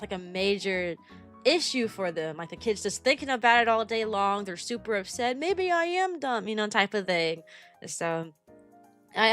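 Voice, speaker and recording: A woman's voice: mid-range voice, fairly bright tone. A young woman, a kindergarten teacher, chatting casually on a livestream and rambling with lots of fillers. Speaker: kindergarten teacher and VTuber streamer.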